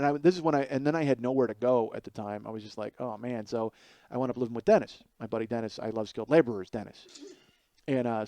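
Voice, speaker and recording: A man's voice: mid-range voice, dark tone. A man in his forties, a comedian hosting his own podcast, telling a rambling, profane, self-mocking story through a headset mic. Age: 40s. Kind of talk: comic storytelling monologue.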